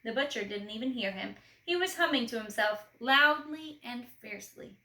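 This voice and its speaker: A woman reading a children's storybook aloud expressively, gently asking the listener questions. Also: fairly high pitch, expressive, moderate pace, roomy sound, poor audio.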